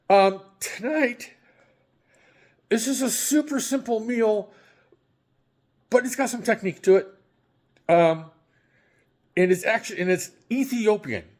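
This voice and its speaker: A man hosting a daily home cooking vlog, chatting casually and rambling a little, often correcting himself and chuckling at his own slips. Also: sits high. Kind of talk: casual chat.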